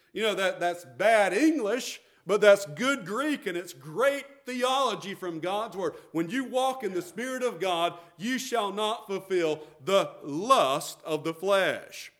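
A man's voice: high-pitched, expressive, a little slow, fairly bright tone. A middle-aged man, preaching a sermon as pastor, emphatic and repetitive.

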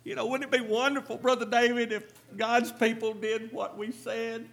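A man's voice: very high voice, little pitch movement, moderate pace, vocal fry, a bit bright. A man preaching a sermon, emphatic and repetitive, with rhetorical questions to the congregation.

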